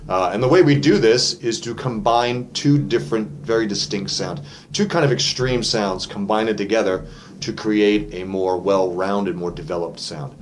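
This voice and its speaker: A man's voice: fairly low pitch, normal speed, a little hiss or hum. A man teaching a casual singing lesson as a vocal coach, explaining technique in a chatty way with fillers. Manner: demonstrates sung vowels and cartoon voices between explanations. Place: vocal studio.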